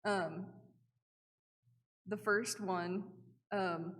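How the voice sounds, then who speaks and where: This young Oklahoma missionary speaks very slowly, her medium-pitched voice fairly bright with fairly even intonation. Reporting to a church in its sanctuary, she chats through her story, acting out what she said and filling it with "like." The hall is reverberant.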